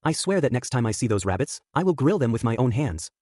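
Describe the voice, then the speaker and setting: A man's voice: medium pitch, very animated, quick pace, no room sound, studio quality. A man voicing a fierce, hot-tempered young woman in a fanfic reading. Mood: fierce, angry. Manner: fierce, shouting.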